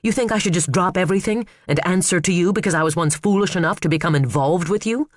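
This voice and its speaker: A man voicing a sharp, fierce female prosecutor with a curt, cutting manner, in an audiobook. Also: high voice, fast talker, no echo, studio quality, pitched above the performer's own voice, close to an everyday voice. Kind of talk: audiobook character voice.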